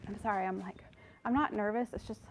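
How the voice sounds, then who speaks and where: A woman's voice: mid-range voice, steady tone, brisk, a little hiss or hum. A woman teaching a Bible study and reading scripture aloud, earnest and conversational, a little out of breath at the mic. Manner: earnest, conversational, apologetic asides. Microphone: microphone.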